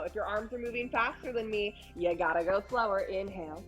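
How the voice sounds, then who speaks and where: A woman's voice: medium pitch, brisk, hardly any pauses, soft background music. A young woman, a personal trainer, guiding a postpartum core workout and cueing breaths while she does the moves herself, her voice a little strained from the effort. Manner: encouraging, cues breathing while exercising. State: slightly strained from exercising.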